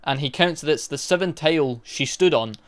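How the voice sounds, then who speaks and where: A man's voice: fairly high pitch, a little fast. A young man casually retelling a movie's plot for a review, rambling along with restarts and fillers. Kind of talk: casual spoken film review.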